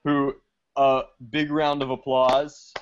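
A man's voice: medium pitch, flat delivery, takes it slowly, smooth. A man co-hosting a podcast in casual chat, speaking bluntly with strong opinions. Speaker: podcast co-host. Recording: dull lo-fi sound.

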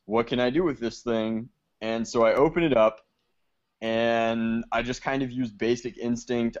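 A man on a podcast, telling his own story in a relaxed, casual way. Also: medium pitch. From Georgia, US South. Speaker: podcast co-host. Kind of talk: casual chat. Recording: muffled lo-fi sound.

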